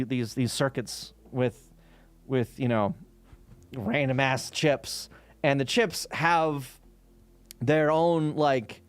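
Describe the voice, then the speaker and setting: A man's voice: medium pitch, clear, resonant tone, no echo. A man live-streaming while reverse engineering game code, chatting casually and rambling, with frequent swearing, laughter and restarts.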